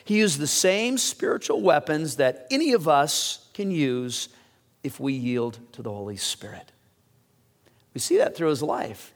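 Excited preaching man, voice going hoarse. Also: a little high, a little slow, long reverb tail. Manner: preaching with sudden excited rises and quiet drops. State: losing his voice. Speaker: pastor. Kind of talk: sermon.

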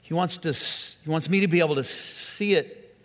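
A man preaching a sermon as a pastor, earnest, stretching key phrases slowly and often restarting his sentences. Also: a little high, fairly bright tone. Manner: earnest, with slow emphatic phrases and frequent restarts. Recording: long hall reverb.

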